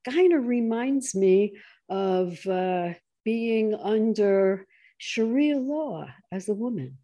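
Woman ranting about politics, mellow dark voice, gets dramatic and mocking. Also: slow pace. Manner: animated, mocks opponents in shrill voices. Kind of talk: political conversation.

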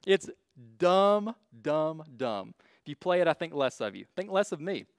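A man's voice: a little high, very animated, fast, dry recording. A man giving a casual lecture with slides, blunt and full of joking asides. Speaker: speaker teaching a class on faith and evolution.

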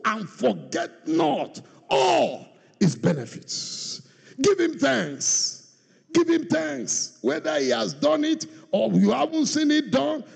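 A male pastor preaching a sermon with a very gravelly, husky voice. His pitch leaps high and drops low as he swings from shouts to quiet asides. The sound carries a long echo from a large church hall.

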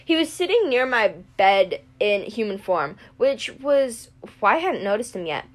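A woman narrating a first-person audiobook with steady storytelling. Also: mid-range voice, a little slow. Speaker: audiobook reader.

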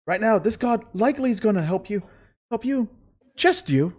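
Game master doing a fey courtier, female, scheming, foul-mouthed, pushy pitch, swooping lively pitch. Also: moderate pace, lightly acted. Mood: persuasive. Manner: profane persuasive sales pitch. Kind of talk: tabletop role-play.

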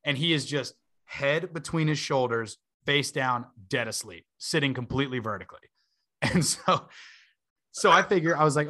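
A man's voice: mid-range voice, normal speed, pushed and bright. A man in his twenties, a podcast host, telling a long story in a casual way, full of fillers and laughing asides.

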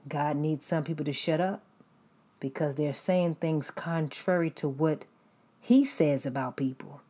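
Woman preacher, low husky voice, blunt, emphatic, repeats her points. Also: a little slow, mellow. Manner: blunt, emphatic, repetitive, laughs often.

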